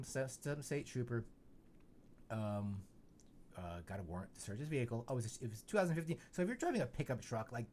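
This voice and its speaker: A man's voice: medium pitch, a little mellow, slight background noise. A man hosting a podcast in casual chat, rambling and joking with lots of "you know" fillers. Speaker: podcast host.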